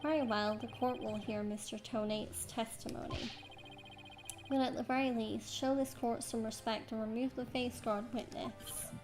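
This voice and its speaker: A woman's voice: fairly high pitch, steady tone, lightly acted. A woman voicing a stern, formal old male judge in a video game, over game music. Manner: formal, measured.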